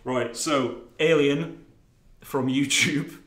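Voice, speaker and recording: A man's voice: medium pitch, slow, fairly bright tone. Male stream host, chatty and easygoing, roomy sound. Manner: chatty, laughs often. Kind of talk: casual chat.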